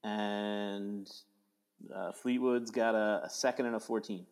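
Low-voiced, hesitant man on a podcast. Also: fairly even intonation, slow pace, darkish tone, clean tone. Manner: hesitant, many ums, low-key. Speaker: podcast co-host. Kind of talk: casual chat.

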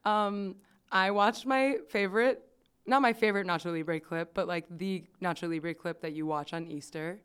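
A woman's voice: lowish voice, fairly even intonation, moderate pace, a bit bright, smooth. A young woman hosting a podcast, chatting casually, giggly and rambling. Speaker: podcast host. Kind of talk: casual chat.

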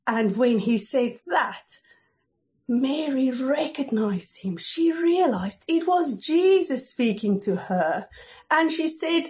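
Slow, mellow woman telling a Bible story. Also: on the high side, animated, highs cut off. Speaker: storyteller at a church service.

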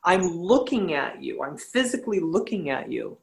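A woman, a yoga teacher, speaking bluntly and telling animated stories in a casual podcast conversation. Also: fairly low pitch, normal speed, gravelly, rough recording.

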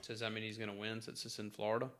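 A man's voice: fairly low pitch, flat delivery, very fast, fairly bright tone. A man co-hosting a casual podcast, easygoing and prompting his co-host to tell stories. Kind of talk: casual chat.

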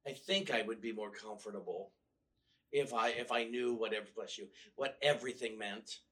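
In a church, a male minister delivers a conversational sermon built on stories and wry humor, often starting his sentences over. The mic is distant, and his voice is fairly low, fairly bright, at normal speed.

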